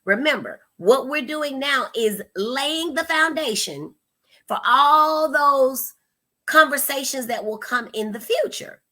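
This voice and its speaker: A woman in her thirties, a mother hosting a parenting advice talk, speaking in an animated, expressive way and acting out the questions she quotes. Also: high-pitched, slow. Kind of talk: casual advice talk to camera.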